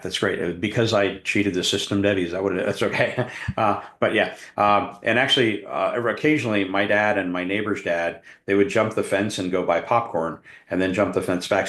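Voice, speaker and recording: A middle-aged man from Arizona giving a workshop talk, telling a story with animated, acted-out scenes. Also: sits low. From Tucson, Arizona. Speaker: workshop presenter, hypnotist coach. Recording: roomy echo.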